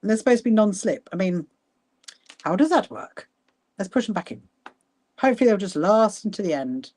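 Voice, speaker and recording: A woman hosting a casual sewing livestream, chatting warmly with viewers by name and laughing often as she works. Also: medium pitch, expressive, a little fast. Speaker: livestream host. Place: sewing room at home.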